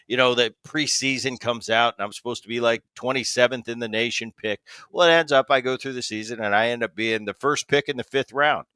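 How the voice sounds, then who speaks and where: A man hosting a casual podcast, telling a story with many halting restarts. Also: mid-range voice, steady tone, bright, forceful tone, smooth, dry recording, clean studio sound. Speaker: podcast host.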